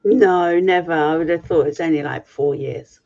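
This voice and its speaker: A woman's voice: low voice, normal speed, darkish tone. Giggly woman on a lo-fi stream. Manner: giggly and teasing. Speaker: co-host. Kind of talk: casual live-stream chat. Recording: dull lo-fi stream audio.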